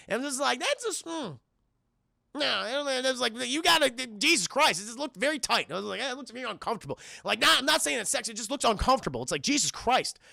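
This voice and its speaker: A man streaming a profane, jokey film recap to his chat, in an animated way. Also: very high voice, vocal fry, dry recording, studio quality.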